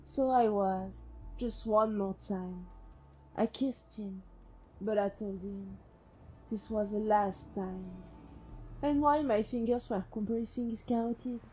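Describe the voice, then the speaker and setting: A woman voicing a haunted female synth who was once a killer, telling her past in slow, brooding monologue. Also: medium pitch, fairly even intonation, dark tone, lightly acted. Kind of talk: game companion monologue. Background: faint music.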